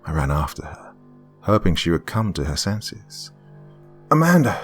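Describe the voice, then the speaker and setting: A man with a very deep, low voice reads a scripted horror story in the first person. His delivery is measured and tense, sometimes sinking to a hush. Faint background music sits under him. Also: breathy edge.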